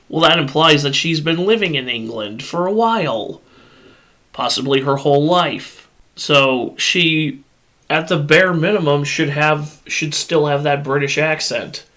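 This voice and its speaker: Bright-voiced man ranting bluntly. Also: a little high, animated, a little slow. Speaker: podcast host. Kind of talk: casual movie discussion. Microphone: USB podcast microphone.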